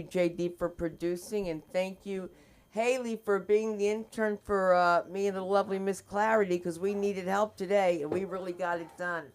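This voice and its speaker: A woman's voice: fairly low pitch, clear, resonant tone. A woman hosting, wrapping up the open mic show and thanking the crew. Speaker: show host. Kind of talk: show wrap-up.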